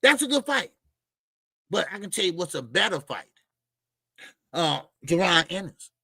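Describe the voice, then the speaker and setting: A man's voice: sits high, sing-song, moderate pace, pushed and bright, husky, no echo. A man hosting a boxing channel, talking loosely to his viewers, rambling and laughing between asides. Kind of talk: casual livestream commentary.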